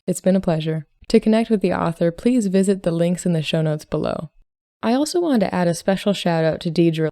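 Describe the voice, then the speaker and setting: A woman hosting a podcast who reads a short story aloud in calm, measured scripted narration. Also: fairly low pitch, clean tone, no echo, clean studio sound. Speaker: podcast host and story reader.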